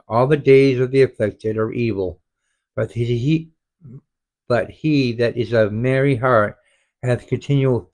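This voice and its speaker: A man leading an online Bible study, reading verses slowly and explaining them, often stumbling and restarting words. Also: medium pitch, a little mellow. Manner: halting, frequent self-corrections and restarts. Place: home, online group study.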